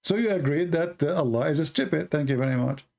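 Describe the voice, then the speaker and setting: A man's voice: fairly high pitch, expressive, quick pace, gravelly, darkish tone. A man hosting a heated debate, pressing and mocking his opponent with sarcasm. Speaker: debate show host.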